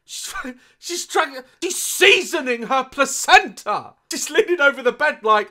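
A man hosting a comedic reaction video, loud and mocking, swearing often and laughing between rants. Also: extremely high pitch, expressive, measured pace, hardly any pauses.

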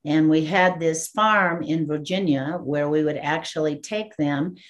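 This woman from Texas, USA, is a guest minister sharing her story during an interview, with a low-pitched, slightly slow voice. She laughs often and brings the tale to life by performing the dialogue.

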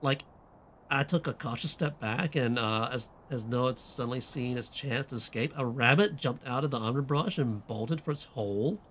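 A man reading as a young woman diarist, drawling, valley-girl, mid-pitched voice. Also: normal speed, fairly bright tone, slight background noise, close to an everyday voice. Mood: dreamy. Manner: drawling, peppered with "like, totally". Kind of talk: reading in-game notes aloud in a put-on voice.

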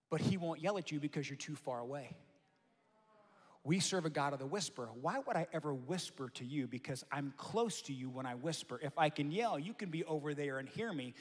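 A male pastor preaching a sermon, swinging between loud emphatic lines and soft hushed asides. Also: medium pitch. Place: large church hall. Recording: long hall reverb.

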